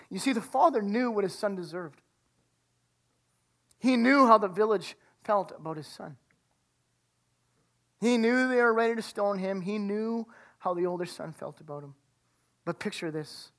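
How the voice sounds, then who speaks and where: A woman preaching a sermon, retelling a story dramatically and dropping to a hush for emphasis. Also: medium pitch. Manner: dramatic retelling, acting out the characters' lines.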